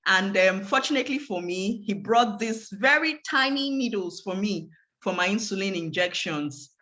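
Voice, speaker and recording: A woman's voice: medium pitch, lively intonation, normal speed, sharp tone, lo-fi sound. A woman giving a guest talk on a video call, telling a personal story vividly and acting out the dialogue. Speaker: guest speaker.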